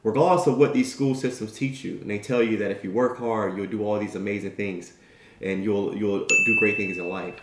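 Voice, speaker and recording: A motivational speaker with a lowish voice talks a little fast in an echoey room, with slight background noise. His storytelling is animated and conversational as he plays the people he quotes, regularly dropping "right?" and "you know."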